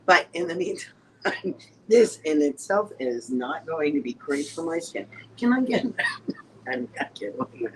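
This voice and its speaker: A woman's voice: sits low, sing-song, a little slow, slight background noise, low-quality recording. A woman hosting a casual chat, bubbly and enthusiastic. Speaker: host.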